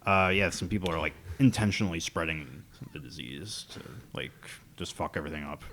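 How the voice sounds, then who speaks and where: A man's voice: deep voice, animated, a little fast, sharp tone. A man co-hosting a podcast in casual chat, telling rambling stories with chuckles. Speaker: podcast co-host.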